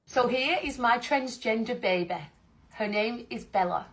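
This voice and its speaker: A woman's voice: on the high side, unhurried, fairly bright tone. A woman speaking earnestly and with emotion in a social media video played back.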